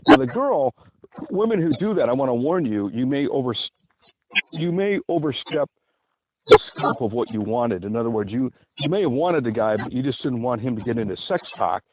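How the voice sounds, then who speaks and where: A man's voice: mid-range voice, big pitch swings, normal speed. A man reading and explaining his own dating-advice book, rambling in a chatty way with many asides. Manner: chatty, digressive, lots of asides. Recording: tinny phone-like sound, faint hiss.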